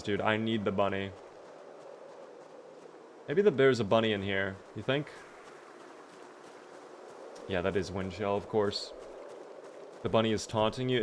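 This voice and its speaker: A man streaming a survival game live, chatting to his viewers and reacting with sudden bursts of excitement. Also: fairly low pitch, a little hiss or hum.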